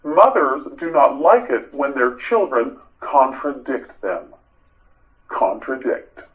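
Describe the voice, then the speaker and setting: Slow, lively-voiced male English teacher. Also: medium pitch, low-quality recording. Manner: repeats each word, prompts learner to repeat. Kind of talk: slow drilled pronunciation lesson.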